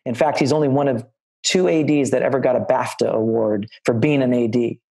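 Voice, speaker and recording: A man's voice: mid-range voice, fairly even intonation, brisk, vocal fry, darkish tone, rough recording. Middle-aged man sharing set stories over a video call, loose and rambling. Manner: anecdotal and rambling, with many restarts. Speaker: line producer giving career advice. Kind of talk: talk to film students on a video call.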